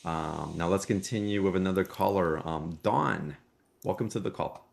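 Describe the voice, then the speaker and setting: Deep-voiced encouraging man hosting a call. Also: normal speed, gravelly. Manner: affirming, soft-spoken, encouraging. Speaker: host.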